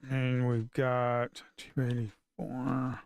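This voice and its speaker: A man's voice: medium pitch, completely flat delivery, very slow, gravelly, smooth, dry recording. Frustrated man muttering while trading. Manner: frustrated, swearing, muttering to himself. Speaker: futures trader streaming live. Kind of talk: casual live-stream talk.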